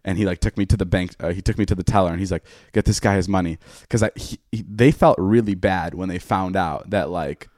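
Speaking briskly with few pauses, a deep-voiced man in his twenties who hosts a podcast tells a long, profane story in casual chat, animatedly acting out the dialogue. The sound is clean studio audio with no echo.

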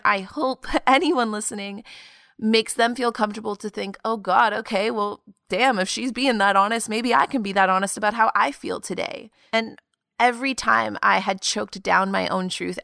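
A woman's voice: mid-range voice, creaky, no room sound, studio quality. A woman in her twenties hosting her own podcast, talking in an earnest, confiding way. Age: 20s. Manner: earnest and confiding, laughing softly now and then. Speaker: podcast host. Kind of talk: reflective solo podcast talk.

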